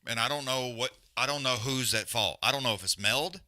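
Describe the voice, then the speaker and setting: A man's voice: mid-range voice, a little fast, bright, forceful tone, dry recording, clean studio sound. Profane man doing live fight chat. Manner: profane, rambling, frustrated with stream glitches. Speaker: livestream host. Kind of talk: casual live fight commentary.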